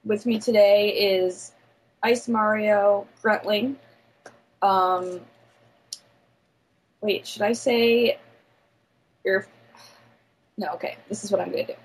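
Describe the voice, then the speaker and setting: A woman's voice: medium pitch, fairly even intonation, slow, long pauses, breathy edge, poor audio. A woman from California hosting a casual podcast, giggly and self-conscious, often restarting her lines. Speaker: podcast host.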